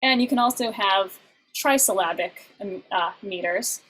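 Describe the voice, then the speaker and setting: A woman at a medium pitch teaching a class over a video call. She explains patiently and step by step, with frequent small fillers. Faint noise sits behind her voice. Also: moderate pace, a bit bright, low-quality recording. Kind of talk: online class lecture.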